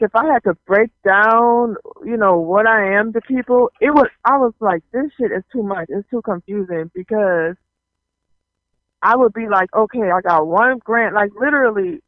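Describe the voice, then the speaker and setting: A man from the South, telling stories in casual, animated talk-show chat, leaning on lots of "you know"s and laughs. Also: high-pitched, dry recording. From Southern US, New Orleans area. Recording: tinny phone-like sound.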